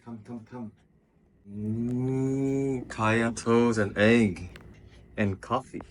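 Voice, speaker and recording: A man's voice: mid-range voice, steady tone, drawn-out words, a little hiss or hum. A man who tastes food and makes teasing, dry jokes in casual chat. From Malaysia. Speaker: husband tasting food.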